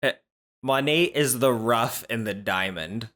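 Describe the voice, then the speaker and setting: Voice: mid-range voice, measured pace, a bit bright. A commentator reacting to clips with sarcastic, incredulous asides.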